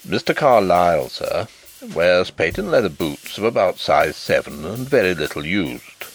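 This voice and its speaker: Period audiobook manservant, deferential and precise, low and gravelly, played by a man. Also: big pitch swings, normal speed, faint music behind, heavily acted. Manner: respectful, formal and exact.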